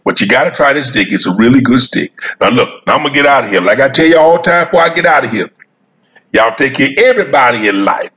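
A man's voice: mid-range voice, expressive, fast talker, a bit bright, muffled recording. A man vlogging about cigars, rambling in a folksy, repetitive way and chuckling as he talks straight to his viewers while he smokes outdoors. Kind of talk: casual rambling monologue. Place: sitting outdoors smoking a cigar.

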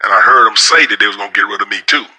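A man's voice: lowish voice, very fast, pushed and bright, poor audio. A man telling a rambling story in a casual monologue, repeating words and speaking frankly and profanely. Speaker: storyteller sharing opinions.

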